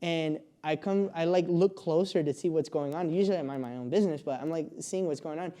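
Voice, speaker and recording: A man's voice: fairly high pitch, brisk, mellow. A young man telling a long story as a podcast guest, rambling with lots of fillers and frequent laughs. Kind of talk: casual storytelling.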